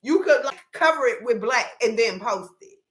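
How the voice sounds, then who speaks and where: A woman's voice: fairly high pitch, animated, moderate pace. Blunt, profane woman in an echoey room. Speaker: commentator. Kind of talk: casual reaction commentary.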